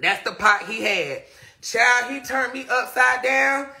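A man on a live stream telling a storytime rant, animated and laughing as he talks straight to his viewers. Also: very high voice, a little slow, creaky, noisy background.

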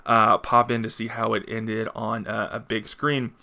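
Guy reading a guarded vigilante, quiet and clipped, gravelly. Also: on the low side, level tone, unhurried, full character voice. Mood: brooding. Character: brooding, guarded male billionaire vigilante.

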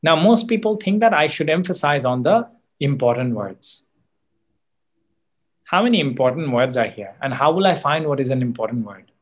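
A man's voice: on the high side, expressive, moderate pace. A man teaching an exam coaching class in a classroom, with an Australian accent, emphatic, checking in with students often and correcting himself mid-sentence. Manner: frequent fillers and self-corrections. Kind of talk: classroom lecture.

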